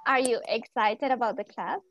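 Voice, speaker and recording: A woman's voice: a little high, steady tone, normal speed, a bit bright, no echo, rough recording. A young woman teaching an English class to students, asking many short questions and switching into Spanish to explain.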